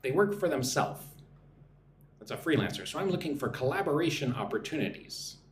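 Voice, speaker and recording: A man's voice: a little high, big pitch swings, a little fast, roomy sound, a crowd in the background. A man teaching English vocabulary on a live stream. He explains patiently, breaks words into syllables and often checks in with "right?".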